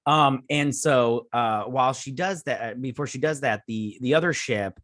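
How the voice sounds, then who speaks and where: A man with a medium-pitched, fairly bright voice speaks unhurriedly in clean studio sound with no room echo. Hosting his own channel, he reviews a TV episode in a rambling, scatterbrained casual chat full of restarts.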